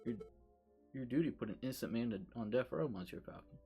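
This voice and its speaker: A man reading the lines of a scornful, sharp-tongued woman lawyer in a story game, in a mocking, cutting tone. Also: medium pitch, lively intonation, fast talker, breathy edge, faint music behind.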